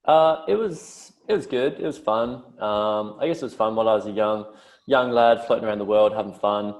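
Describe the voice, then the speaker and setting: A man's voice: lowish voice, fairly quick, a little mellow. A young Australian man in his twenties, a podcast guest chatting casually, swearing and mimicking mates in a broad voice. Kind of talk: casual interview chat.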